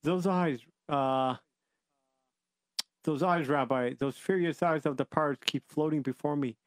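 A man voicing a remorseful, dying old innkeeper who talks haltingly in a weak voice. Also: on the high side, no echo, natural voice. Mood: anguished.

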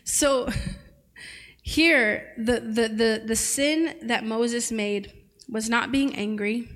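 Woman preacher, chatty sermon delivery that jokes with the congregation, voice on the higher side. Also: steady tone, slow pace, fairly bright tone. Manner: conversational and playful, laughing with the congregation. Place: church service.

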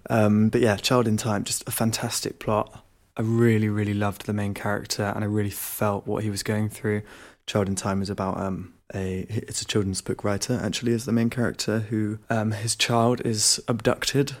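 A young man with a fairly low voice talks casually about books he has read. He rambles and corrects himself as he goes, thinking aloud in an unscripted monologue. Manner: rambling, self-correcting, thoughtful. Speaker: podcast host. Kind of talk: casual book review monologue.

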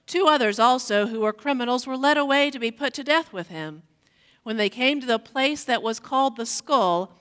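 A woman giving a measured, deliberate scripture reading, slowing down on key lines, in a church sanctuary. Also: fairly high pitch, pushed and bright, big-room sound. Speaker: scripture reader.

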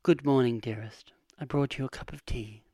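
A mild, eccentric professor goat from a storybook speaks slowly and softly in a lowered voice, as a woman puts him on. The recording is dry and close. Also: clear, resonant tone, no room sound. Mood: gentle. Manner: gentle, unhurried. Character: gentle, eccentric father goat, male professor. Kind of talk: storybook reading.

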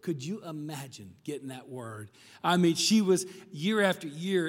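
A man's voice: a little high, a little slow. A man preaching a sermon in a chatty, conversational way, often checking in with the listeners. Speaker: pastor. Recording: long hall reverb.

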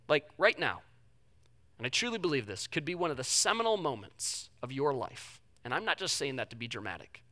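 Guy pastor giving a sermon, bright voice, chatty storytelling, goes from quiet to loud pleading. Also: mid-range voice, very animated, a little fast. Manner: conversational storytelling with humor, swinging between hushed and loud pleading.

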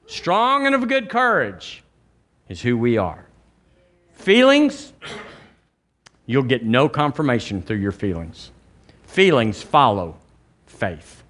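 Emphatic Southern pastor preaching. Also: male voice. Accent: Southern American. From Alabama, US. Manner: emphatic preaching with sudden loud high rises. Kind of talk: charismatic sermon and prayer. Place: church sanctuary.

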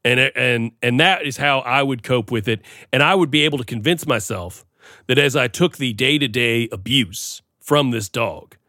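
A man's voice: medium pitch, normal speed, pushed and bright, dry recording, clean studio sound. A man co-hosting a comedy podcast, talking in a rambling, playful, self-deprecating way. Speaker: podcast co-host. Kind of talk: casual comedic chat.

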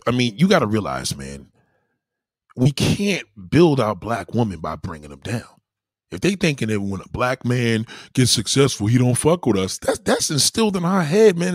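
Over clean studio audio with no room sound, a man in a mid-range voice hands out dating advice. His monologue is casual, profane and full of street slang, and he repeatedly asks the listener "you know what I mean."

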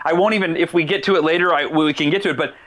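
A man's voice: on the high side, a bit bright. A man being interviewed as an author, talking eagerly and often restarting his sentences. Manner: eager, quick restarts, self-corrections. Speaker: author and guest. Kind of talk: animated interview talk.

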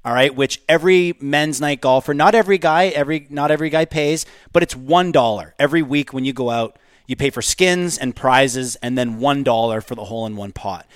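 A man co-hosting a podcast, telling a story in an animated way and swearing at times. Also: medium pitch, fairly quick, smooth, no room sound, clean studio sound. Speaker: podcast co-host. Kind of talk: casual storytelling.

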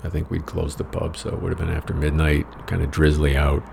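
Deep rough-voiced american guy telling a story, dry and sweary, a little hiss. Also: level tone, brisk. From United States. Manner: wry, profane, rambling with self-mocking asides. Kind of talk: casual personal storytelling.

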